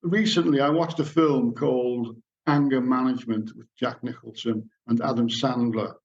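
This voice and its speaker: A man in middle age lectures to a society gathering, weaving anecdotes into his talk and reading passages aloud. His voice sits at an ordinary pitch. The recording is dull and lo-fi. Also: steady tone, moderate pace, gravelly. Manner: storytelling, reads passages aloud.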